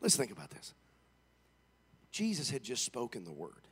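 A man's voice: mid-range voice, huge pitch swings, slightly rough. A man preaching a Sunday sermon in a fervent, rhythmic style, with repeated declarations and many "uh" fillers. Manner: fills pauses with frequent "uh". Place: church on a Sunday morning.

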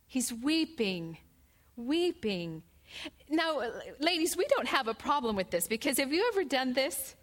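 A middle-aged woman teaching a women's Bible study, expressive, slowing down to read scripture. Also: high voice. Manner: expressive, slows down on scripture quotes.

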